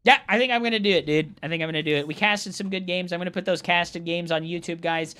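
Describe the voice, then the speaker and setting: A man streaming live, casting a strategy game and chatting with viewers in an excitable, jokey way. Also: sits high, fast, clean tone. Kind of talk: live game commentary and chat.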